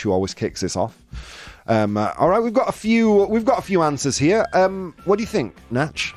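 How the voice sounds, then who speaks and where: A man hosting a casual live-streamed chat show, jokey and animated, reading viewer comments aloud. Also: mid-range voice. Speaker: show host.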